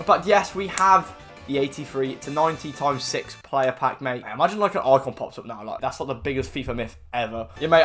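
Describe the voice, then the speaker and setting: Man, gaming YouTuber, casual commentary, rambling, excitable outbursts. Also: medium pitch. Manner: rambling, filler-heavy, bursts into excited shouts.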